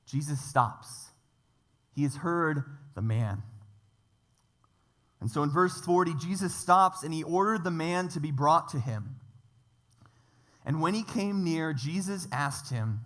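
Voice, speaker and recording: A man's voice: a little high, unhurried, pauses often, fairly bright tone. A man preaching a church sermon, emphatic, stacking up repeated phrases and lists. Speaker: pastor.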